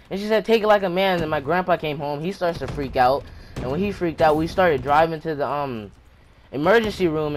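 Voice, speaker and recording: Higher-voiced man rambling through a story. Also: slight background noise. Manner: rambling, breathless retelling with restarts. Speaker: channel host. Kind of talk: story time vlog.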